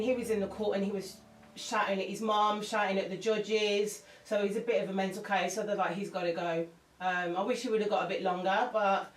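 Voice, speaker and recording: Heard from far away, a woman with a mid-range voice talks as an interview guest. She's a singer, open and emotional, wandering through her thoughts and starting over; the room echoes and soft music plays.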